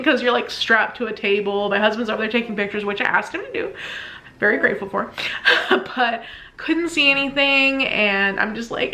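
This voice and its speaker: A woman vlogger tells a personal story in a chatty, casual way, laughing often and acting out the lines she said back then. Her voice is medium in pitch, pushed and bright, at a normal speed.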